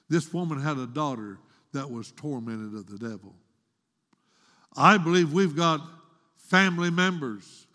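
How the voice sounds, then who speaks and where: A man's voice: on the high side, fairly bright tone. A man preaching a sermon in a church, dramatic and rising into pleading tones as he retells a story. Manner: dramatic, voices the quoted woman in a raised pleading tone. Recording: long hall reverb.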